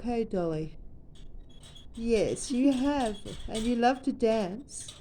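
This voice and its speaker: A woman's voice: mid-range voice, slow pace, dark tone, a little hiss or hum. A woman chatting to her pet parrot in a sing-song, doting baby-talk way. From Australia. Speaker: pet owner. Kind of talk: casual chat to a pet bird.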